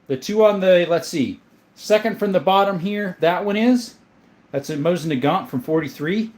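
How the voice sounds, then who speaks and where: A man's voice: high-pitched, moderate pace, a little mellow. Chatty man hosting a live chat. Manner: chatty, greets viewers by name. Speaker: livestream host reading chat. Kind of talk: casual live-chat talk.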